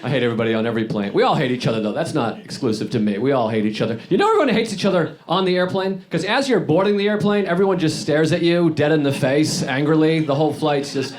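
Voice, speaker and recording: A man doing a stand-up comedy set on stage, grumbling and deadpan, acting out bits in put-on voices. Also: on the high side, quick pace, few pauses. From New York. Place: comedy club stage before a laughing audience. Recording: live set with loud audience laughter.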